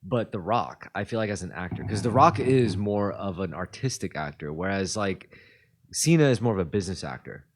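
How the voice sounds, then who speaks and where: Very deep-voiced man in loose podcast chat. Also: animated, brisk. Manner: loose, joking, plays with foreign words. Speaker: podcast co-host. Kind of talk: casual chat.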